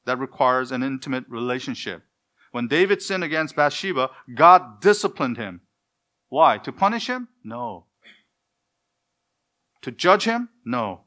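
Bright-voiced preaching man. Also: medium pitch, sing-song, unhurried, pauses often. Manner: emphatic preaching with rhetorical questions and answers; acts out dialogues between parent and child. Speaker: pastor. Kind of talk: sermon.

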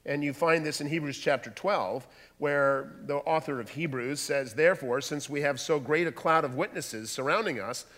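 A man preaching a sermon, dramatic, dropping to a hush and rising to loud bursts. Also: fairly high pitch, normal speed, hardly any pauses. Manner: dramatic, swings from hushed to loud. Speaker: pastor. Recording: long hall reverb.

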